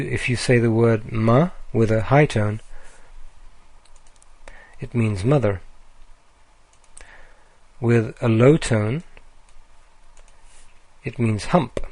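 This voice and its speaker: A man giving a recorded slide lecture, speaking deliberately with frequent ums and uhs. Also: mid-range voice, darkish tone, no echo.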